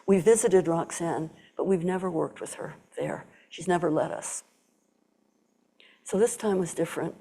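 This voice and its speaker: An older woman tells a personal story to a gathered audience, in a low and mellow voice. She acts out the voices of the people she quotes, and now and then drops to a whisper. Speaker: Zen teacher giving a talk. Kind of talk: storytelling dharma talk.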